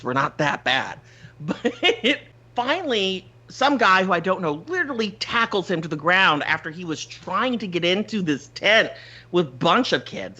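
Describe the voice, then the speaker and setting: Lively bright-voiced man telling stories. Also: fairly high pitch, muffled recording. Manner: animated, swears freely, laughs often. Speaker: podcast host. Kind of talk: casual storytelling chat.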